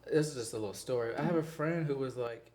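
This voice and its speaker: A young adult man chatting casually as a podcast guest, relaxed and quick to laugh. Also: mid-range voice. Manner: relaxed, chatty, laughs easily, quotes others playfully.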